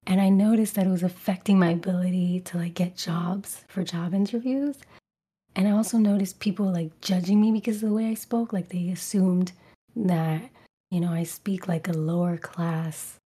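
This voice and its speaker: A woman from Brooklyn with a softened New York accent, a guest talking in a whispered role-play style on an ASMR podcast. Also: fairly low pitch, steady tone, moderate pace, slightly rough. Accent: neutralized New York. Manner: soft whispered chat with frequent laughs.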